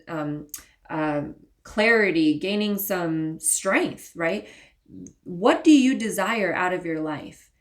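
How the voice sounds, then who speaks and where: A woman doing a spiritual tarot reading, talking casually and earnestly to her viewers and sometimes pleading with them. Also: mid-range voice. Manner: earnest, pleading, gets emotional at times. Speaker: tarot reader and spiritual channel.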